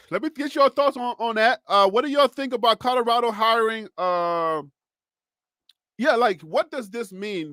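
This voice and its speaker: High-voiced Liberian man hosting a live sports stream. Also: no room sound, studio quality. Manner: animated, chatty, reacting to viewer comments; frequent laughs and self-talk. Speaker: sports channel host.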